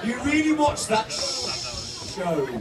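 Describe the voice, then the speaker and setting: A man doing live stand-up comedy, loud and punchy, shouting to reach the crowd. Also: extremely high pitch, huge pitch swings, slow. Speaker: comedian and impressionist. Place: holiday park entertainment stage. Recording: echoey room, from far off, music and crowd.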